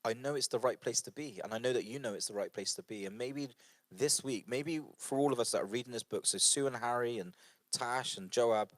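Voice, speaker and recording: Leading a church book study group, a man of medium pitch gives an informal devotional talk a little fast. He comes across earnest and conversational, using fillers and repeating phrases, with no room sound.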